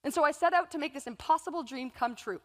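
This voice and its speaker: On stage in a large event hall, a woman in her thirties delivers a motivational keynote, her high, slightly bright voice moving at a quick clip. She tells stories and acts out her inner voices and quotes, and the hall's long reverb trails every word.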